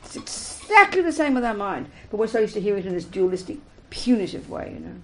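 A woman giving a spiritual talk to a group, emphatic and animated, acting out little everyday scenes as she explains. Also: medium pitch, quick pace, rough recording. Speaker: Buddhist teacher.

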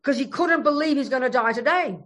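A woman's voice: high-pitched, brisk. A woman giving a Buddhist teaching, emphatic and frank, telling stories as she goes. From Australia. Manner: animated, emphatic, frank storytelling. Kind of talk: Buddhist dharma talk.

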